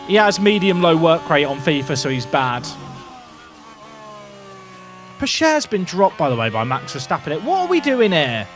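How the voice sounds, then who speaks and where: A young man giving excitable, jokey commentary while playing a racing game, talking to his chat and shouting at his drivers. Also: fairly high pitch, fairly quick, faint music behind. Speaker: gaming video creator. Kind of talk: casual gameplay commentary.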